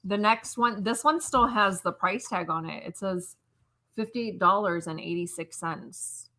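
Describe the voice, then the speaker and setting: Casting: woman, stream co-host, slow and deliberate, bright tone, faint noise behind. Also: medium pitch. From United States. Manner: unhurried, describing items one by one. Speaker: co-host showing items on a live stream. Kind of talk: live-stream item showcase.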